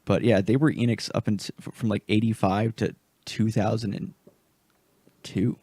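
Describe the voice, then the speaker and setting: A man co-hosting a podcast who mostly reacts briefly, with a gravelly, husky voice. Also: on the low side, fairly even intonation, normal speed, mellow, dry recording. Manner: short reactions and backchannels. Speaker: podcast co-host. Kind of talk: casual podcast chat.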